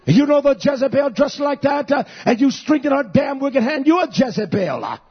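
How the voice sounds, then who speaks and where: A man in his fifties preaching a fiery sermon, dropping to low growls and rising to shouts. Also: big pitch swings, normal speed, muffled recording. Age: 50s.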